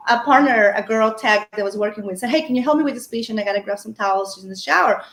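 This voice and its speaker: A woman's voice: on the high side, rapid-fire, a bit bright, echoey room, a little hiss or hum. A woman guest on a paranormal podcast, telling a personal story in a rambling, casual way full of fillers and restarts.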